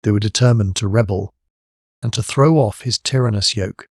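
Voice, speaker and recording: A man narrating a classic storybook in a steady, measured reading on a close studio mic. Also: fairly low pitch, no echo. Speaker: audiobook narrator.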